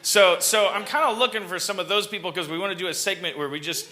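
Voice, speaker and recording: A man hosting a live comedy podcast, rambling and halting as he talks to the crowd on stage. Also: high voice, bright, forceful tone. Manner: rambling, halting, self-interrupting. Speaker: podcast host. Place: theater stage, live audience.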